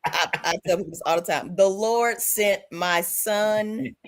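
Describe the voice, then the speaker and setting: A woman in her thirties, a comedian guest telling lively stories in casual panel chat, acting out her children. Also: medium pitch, a little slow. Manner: animated storyteller acting out her kids.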